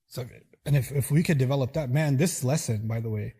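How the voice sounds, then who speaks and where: A man's voice: mid-range voice, brisk, mellow, husky. A man giving an earnest, emphatic sermon-style lecture to listeners. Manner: earnest, emphatic, acts out quotes. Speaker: religious lecturer.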